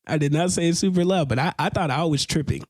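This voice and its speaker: A man co-hosting a podcast in casual chat, animated and jokey with slangy talk. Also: a little high, fast, no echo, clean studio sound. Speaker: podcast co-host.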